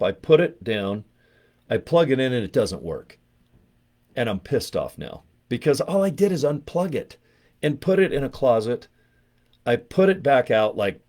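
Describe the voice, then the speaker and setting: A man's voice: medium pitch, a little mellow. A man from Utah hosting a casual livestream vlog from his home studio, jokey and rambling, poking fun at himself. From Utah, USA. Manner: jokey, rambling, self-mocking. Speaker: network marketing vlogger.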